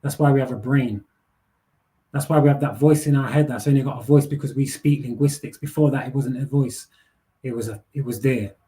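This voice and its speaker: A man's voice: medium pitch, brisk, dark tone. A young man, hosting a live panel and ranting bluntly with heavy swearing, street slang and repeated words. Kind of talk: casual rant.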